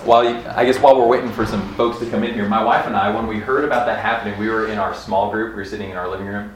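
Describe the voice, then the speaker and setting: A man's voice: on the low side, fairly even intonation, rapid-fire, slight background noise. Earnest chatty man in an echoey room. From Kansas, USA. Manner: chatty, earnest, laughs often, many restarts. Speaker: church speaker teaching on revival history. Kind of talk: casual church talk to a small group. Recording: roomy echo, faint room ambience.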